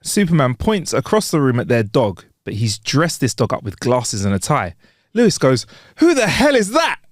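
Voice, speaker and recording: A man co-hosting a casual podcast, telling jokes, quick to laugh and to apologize. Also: mid-range voice, big pitch swings, dry recording, clean studio sound. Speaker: podcast co-host.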